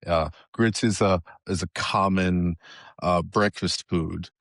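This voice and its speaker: A middle-aged software engineer with a Southern US accent chats casually as a podcast guest, hesitant and full of restarts. His low, gravelly voice is a bit bright, with a steady tone and slow pace. The studio-quality recording has no echo.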